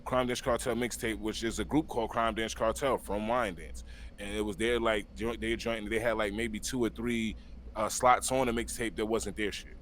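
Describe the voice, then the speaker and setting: A man's voice: lowish voice, fairly even intonation, normal speed, a bit bright, slight background noise. A middle-aged man from Long Island, New York, telling stories as an interview guest in a laid-back, slangy way, talking over a video call. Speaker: guest, battle rapper. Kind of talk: casual storytelling interview.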